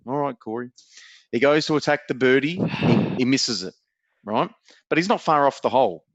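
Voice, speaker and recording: Australian male co-host, teasing storyteller, dry dull lo-fi sound, mid-pitched. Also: moderate pace, creaky, no echo. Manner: animated teasing storyteller, swears freely. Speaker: podcast co-host. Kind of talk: casual banter, storytelling.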